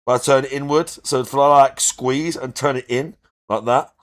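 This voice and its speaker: A man's voice: mid-range voice, fairly even intonation, moderate pace. Man critiquing and explaining at length. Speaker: reaction host. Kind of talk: reaction commentary.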